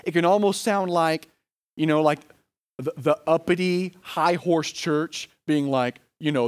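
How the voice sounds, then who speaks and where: American pastor guy preaching, chatty, lots of "like" and "right?", voice a bit on the high side. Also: measured pace. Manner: conversational preaching, frequent "like" and "right?". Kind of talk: sermon.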